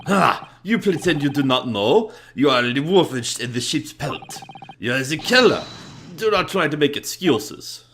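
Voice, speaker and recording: A man's voice: a little high, expressive, moderate pace, a bit bright, a little hiss or hum. Susato, a man doing a formal young woman. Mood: stern. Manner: stiff formal phrasing, accusing. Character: polite earnest young woman assistant, formal.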